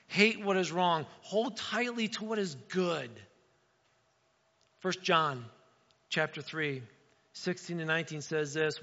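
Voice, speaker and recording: A man's voice: on the high side, unhurried, sharp tone. A man preaching a sermon as a pastor, talking in a conversational way with frequent "right?" asides to the congregation. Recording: echoey hall, dull lo-fi sound.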